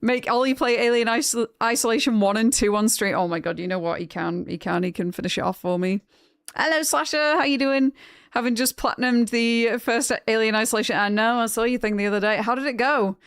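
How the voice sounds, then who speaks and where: A young woman streaming games, chatting casually with her viewers, frank and quick to laugh. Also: fairly high pitch, clean tone, no echo, studio quality. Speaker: game streamer. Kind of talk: casual chat with live chat.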